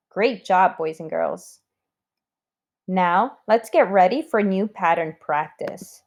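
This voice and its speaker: Woman teacher doing a spelling lesson for kids, slow and careful, spells each letter out. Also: medium pitch, very animated, darkish tone. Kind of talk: recorded spelling lesson for children.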